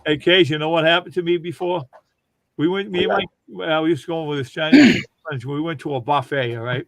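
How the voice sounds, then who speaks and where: A man's voice: a little high, steady tone, a little fast, vocal fry, no room sound. A man casually telling long, rambling funny stories on a livestream and laughing as he goes. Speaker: livestream host. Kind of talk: casual storytelling chat.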